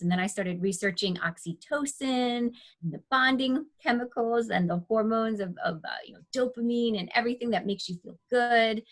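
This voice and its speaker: A woman in her forties, a teacher and author as guest, telling stories in an animated way and acting out her own thoughts. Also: a little high, normal speed, few pauses. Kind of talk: casual interview storytelling.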